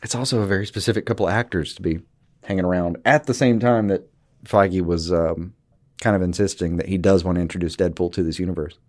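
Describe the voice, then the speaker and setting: A man's voice: low-pitched, fairly even intonation, quick pace, darkish tone, no room sound, studio quality. A man co-hosting a podcast in casual chat, rambling and hesitant, joking around. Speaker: podcast co-host.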